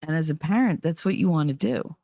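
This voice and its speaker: Middle-aged New Jersey woman, podcast host; candid, animated, profane, dry close mic. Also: low-pitched, a little fast, creaky, no room sound. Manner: blunt, swears freely, animated. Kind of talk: casual candid talk.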